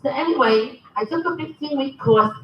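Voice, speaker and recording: High-voiced woman telling a story in an echoey hall. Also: moderate pace, a little hiss or hum. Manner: lively storyteller, acting out dialogue. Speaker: convention speaker. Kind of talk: humorous personal story. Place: convention hall. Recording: echoey hall, from far off, dull.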